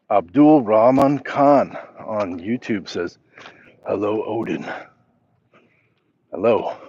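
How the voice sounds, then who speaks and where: Man, low voice, casual livestream host, walking, reads chat aloud, dull lo-fi sound. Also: darkish tone, dry recording. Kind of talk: casual walk-and-talk livestream.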